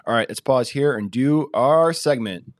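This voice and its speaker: A man's voice: medium pitch, measured pace. A man co-hosting a podcast, chatting casually in a playful, joking way. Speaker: podcast co-host.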